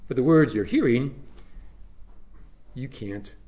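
A man preaching a sermon, with dramatic emphasis that drops to low, hushed phrases. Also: lively intonation, slow, dull audio.

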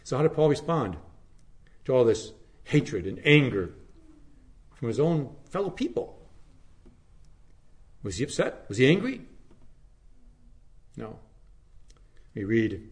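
A male pastor delivering a slow, emphatic sermon, letting his phrases fall to a hush at the ends. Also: mid-range voice, very animated. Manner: slow, emphatic preaching with hushed, falling phrase endings.

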